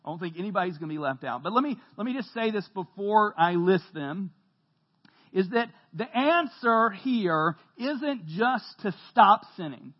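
High-voiced animated male pastor preaching. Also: moderate pace, highs cut off. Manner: animated storytelling, jokes with the congregation, shouts when quoting. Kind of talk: sermon. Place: church hall.

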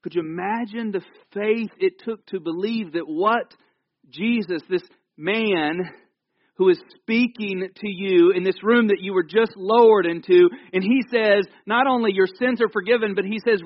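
A man giving a conversational, jokey sermon in a church, telling the story with animated asides. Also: high voice, moderate pace, no echo, dull audio. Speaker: pastor.

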